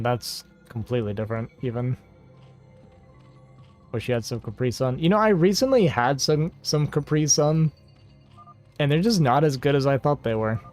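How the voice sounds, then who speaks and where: A man's voice: mid-range voice, a little mellow, clear, resonant tone. Rambling man chatting on a livestream. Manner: rambling and talkative, reading chat aloud. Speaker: livestream host. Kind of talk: casual chat to a stream audience.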